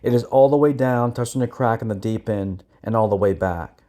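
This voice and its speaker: A man's voice: medium pitch, fairly quick, warm tone, natural voice. A man doing a stern commanding drill sergeant. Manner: barked orders, strong and commanding.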